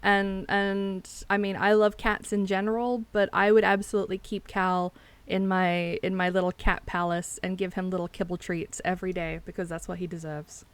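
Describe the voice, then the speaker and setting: A woman's voice: mid-range voice, little pitch movement, moderate pace, clear, resonant tone, dry recording. A woman from South Australia with a South Australian accent, chatting casually on a stream, laughing often and swearing freely.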